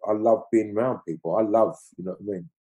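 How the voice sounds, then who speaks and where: A man's voice: fairly low pitch, fast talker, warm tone, husky, lo-fi sound. A middle-aged man, talking loosely in an interview and asking "you know what I mean" after nearly every point. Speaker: film crew guest. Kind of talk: casual interview chat.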